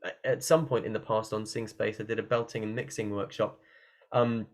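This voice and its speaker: A man teaching singing in an online workshop, talking casually from a room at his computer and breaking into quick sung and yelled demonstrations. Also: on the low side, little pitch movement.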